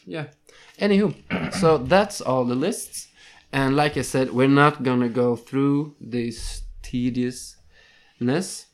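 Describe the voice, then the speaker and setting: A man's voice: medium pitch, takes it slowly. A young man co-hosting a casual podcast, reading ranking lists and tripping over foreign names. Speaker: podcast co-host.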